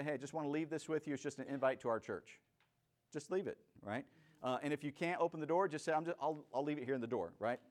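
Guy explaining church outreach tips, chatty and loose, lots of "right?" and "um". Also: medium pitch. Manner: conversational, many fillers and "right?" checks. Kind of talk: casual teaching talk.

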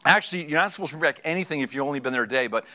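A middle-aged man preaching a sermon, telling a story in a lively way and acting out the people in it. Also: on the high side, racing. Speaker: pastor.

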